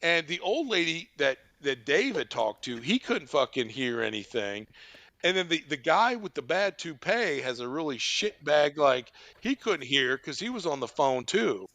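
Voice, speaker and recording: A man hosting a podcast, telling a profane comic story in an animated way. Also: a little high, normal speed, no room sound. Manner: animated, swearing, laughing. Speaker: podcast host.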